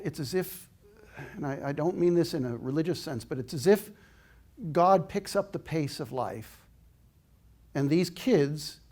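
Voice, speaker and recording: A man's voice: fairly high pitch, darkish tone. An older man giving an inspirational talk, telling a personal story in an earnest, reflective way. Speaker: inspirational speaker.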